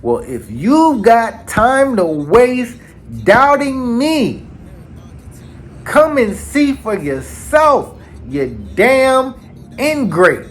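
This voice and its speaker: A man voicing a grizzled male navy admiral who breaks down yelling through tears. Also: high voice, takes it slowly, vocal fry, long pauses, pitched above the performer's own voice, full character voice. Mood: screaming rage. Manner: yelling, tearful outburst.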